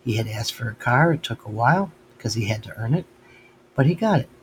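An older man giving a reflective, halting spiritual monologue and retelling his talks with God. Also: medium pitch, lively intonation, a little hiss or hum, low-quality recording. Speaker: speaker sharing spiritual reflections.

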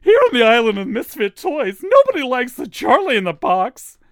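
A man voicing a male jack-in-the-box toy with a loud, high, nasal voice. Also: very animated, moderate pace, no room sound, studio quality, exaggerated voice. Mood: sad.

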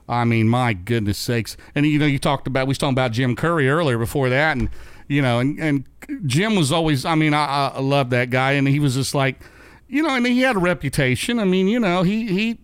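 A man's voice: mid-range voice, a little fast, clean tone, no echo. A middle-aged man telling casual racing stories as a guest, rambling with restarts and chuckles. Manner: rambling, many restarts and asides. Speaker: guest recalling dirt track racing. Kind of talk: casual storytelling chat.

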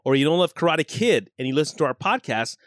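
A man co-hosting a podcast in casual chat, agreeable and lively, often laughing as he talks. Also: a little high, fast talker, no echo, studio quality. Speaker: podcast co-host.

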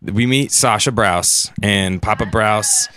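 A man with a fairly low voice chatting casually as a podcast co-host. He talks in an easygoing, musing way, thinking aloud as he goes. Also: slow, sharp tone, clean tone. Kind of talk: casual chat.

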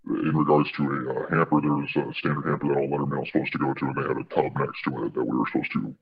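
A man working as a postal worker, answering interview questions in a measured, matter-of-fact way. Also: rumbling low, steady tone, gravelly. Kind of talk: undercover-style interview answers. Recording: dull lo-fi video clip.

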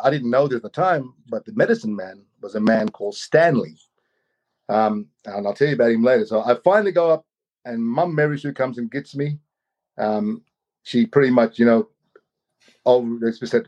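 A man's voice: medium pitch, darkish tone. A man tells a long personal story over a video call, circling back and repeating himself as he searches for words. His voice sits in a middle range. The call audio is somewhat dull and muffled. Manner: rambling, repeats words, many fillers. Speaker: guest.

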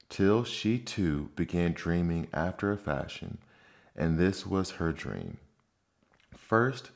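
A man narrating a storybook in a calm, measured way. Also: deep voice. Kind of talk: storybook reading.

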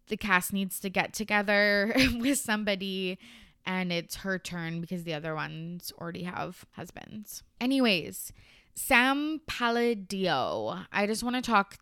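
Young woman, podcast host, sarcastic casual chat, swears a lot, dry close recording, sharp clear voice. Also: on the low side, dry recording. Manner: chatty and sarcastic, swears freely, heavy filler words. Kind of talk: casual movie review chat.

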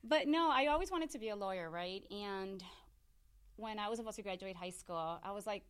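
A woman's voice: medium pitch, fairly quick, clear, resonant tone. A woman in her thirties, a hairstylist guest on a podcast, telling her life story casually and acting out the dialogue she recalls. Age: 30s. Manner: animated storyteller acting out quoted dialogue, laughs often.

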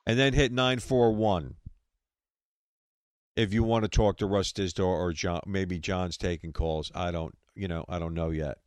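A man's voice: low-pitched, steady tone, dry recording, studio quality. A man with a New York accent hosting a radio show, reading announcements and trading jokes in a loose, casual way. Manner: loose, joking banter with quick asides.

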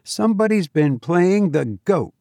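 Narrator putting on a brash young man, loud and breezy, high calling voice, dry close sound. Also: big pitch swings, unhurried, vocal fry, no room sound, heavily acted. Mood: shaken. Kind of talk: reading a ghost story aloud.

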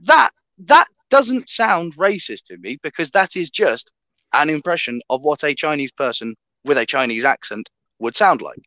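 A man's voice: mid-range voice, moderate pace, bright, forceful tone, no echo. A man in casual podcast chat, talking emphatically and swearing freely.

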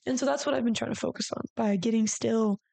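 A woman hosting her podcast in a candid, rambling monologue, peppering her speech with "like" and the odd swear. Her voice sits a bit high for a woman and is edged with gravelly fry. The sound is dry and close. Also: quick pace, dark tone, no echo. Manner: rambling, confessional, frequent "like" and casual swearing. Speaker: podcast host.

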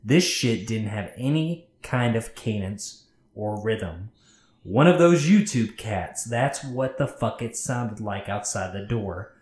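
A man's voice: lowish voice, animated, slow, darkish tone. A man co-hosting a podcast, casually reading a scary story aloud, swearing freely and stopping to comment. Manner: profane, chatty, breaks off to comment. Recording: roomy echo.

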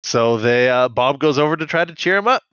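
A man's voice: mid-range voice, animated, brisk, fairly bright tone, clean tone, no room sound. A man hosting a casual podcast recap of a cartoon, rambling and often laughing. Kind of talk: casual chat. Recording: dull lo-fi.

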